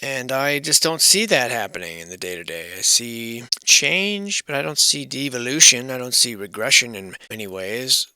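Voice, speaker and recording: Sarcastic man with a very bright voice. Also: mid-range voice, no echo. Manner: sarcastic, irreverent, swears freely; rambling, thinks aloud with asides. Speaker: channel host. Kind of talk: casual commentary on old building survey photos.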